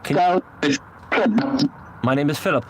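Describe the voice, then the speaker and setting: A man's voice: on the high side, slow pace, music in the background, rough recording. A man working as a paranormal investigator, alone outdoors at night, repeatedly and earnestly pleading for spirits to come forward in a ghost-hunting vlog. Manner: repetitive, earnest pleading calls. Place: outdoors at night, seated on a memorial bench. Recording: outdoor recording with steady traffic noise.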